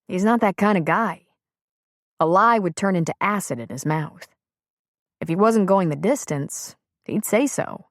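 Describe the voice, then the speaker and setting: A woman voicing a frank, plain-spoken man on the phone in an audiobook, gently persuasive. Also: lowish voice, expressive, unhurried, no room sound, clean studio sound. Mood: earnest. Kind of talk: audiobook character reading.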